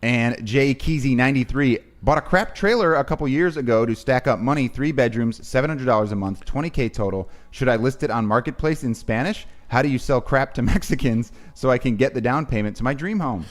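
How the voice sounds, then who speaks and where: A man's voice: mid-range voice, fairly quick, hardly any pauses. A man co-hosting a podcast, chatting casually and reading viewer messages aloud. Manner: lively, reads messages aloud.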